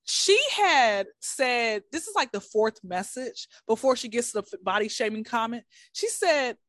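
A woman's voice: a little high, lively intonation, a little slow, fairly bright tone, no echo, studio quality. A woman, a podcast guest telling a casual, comedic story. She talks bluntly and teasingly, rambling off on tangents. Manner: rambling, digressive, keeps saying back to the story.

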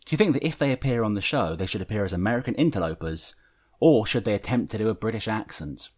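A man's voice: lowish voice, expressive, quick pace, a little mellow, breathy edge. A man hosting a fan podcast, chatting casually and reading listener letters aloud. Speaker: podcast host.

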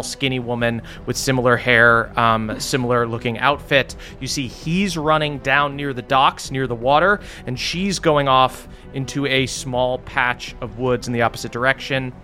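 A man narrating as game master, casual and halting with many fillers. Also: medium pitch, fairly even intonation, bright, forceful tone, faint music behind. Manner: casual, many ums and uhs.

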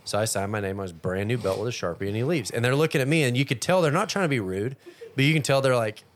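Man, podcast host, quick and playful, joking storyteller, casual talk. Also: mid-range voice, a little hiss or hum. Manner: teasing, lively storyteller. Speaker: podcast host and rodeo roper.

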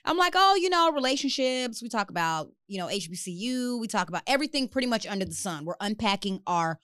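A young adult woman co-hosting a podcast, chatting casually and swearing freely, quick to laugh. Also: mid-range voice, animated, a bit bright, no echo, studio quality. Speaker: podcast co-host.

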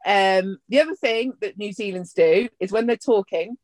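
A woman's voice: medium pitch, normal speed, darkish tone, no room sound. A woman co-hosting a casual chat podcast, playful and jokey, swearing casually. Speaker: podcast co-host.

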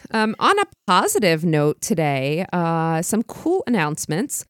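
Woman co-host who teaches criminology, upbeat casual chat, slightly low pitch, dry studio sound. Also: wildly swooping pitch, measured pace, smooth, no echo. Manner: enthusiastic, grateful.

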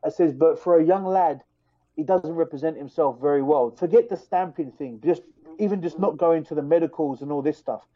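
A man, a fighter, telling a heated story in casual podcast talk, animated and full of restarts. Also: a little high, fairly quick, highs cut off. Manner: animated, fired-up retelling with many restarts.

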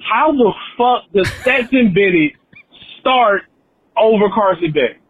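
Male caller, high and husky voice, exasperated and swearing, tinny phone line. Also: no room sound. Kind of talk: angry voicemail rant.

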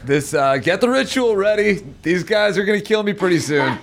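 A man playing a tabletop game, laid-back and deadpan. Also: high voice, moderate pace, vocal fry, slight background noise. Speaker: player. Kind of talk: casual tabletop chat.

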